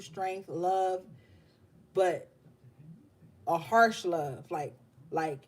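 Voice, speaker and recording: A woman's voice: mid-range voice, mellow. A woman hosting a live tarot reading stream, speaking with passion and emotion and swearing bluntly as she encourages her viewers.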